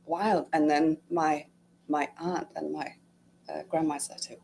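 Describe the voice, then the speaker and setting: Slight background noise sits behind a middle-aged guest whose deep, mellow voice has vocal fry and little pitch movement as she speaks at a measured pace. She shares her retreat story casually and emotionally, full of fillers and acted-out inner quotes.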